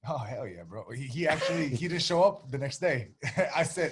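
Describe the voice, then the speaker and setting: A man's voice: medium pitch, lively intonation, normal speed, slightly rough. A man telling a story in a laid-back way, cursing freely and acting out both sides of the exchange. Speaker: guest, pro boxer. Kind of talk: casual storytelling chat.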